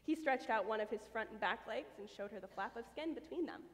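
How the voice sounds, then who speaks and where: A woman reading a children's story aloud at a church service, expressive and lively. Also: on the high side, brisk. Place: church sanctuary. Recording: long church reverb.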